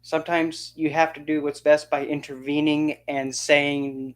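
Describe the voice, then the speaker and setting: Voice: medium pitch, little pitch movement, measured pace. An occult channel host delivering an indignant, sarcastic opinion rant to camera, often mocking others by quoting them in put-on voices. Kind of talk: ranting opinion monologue.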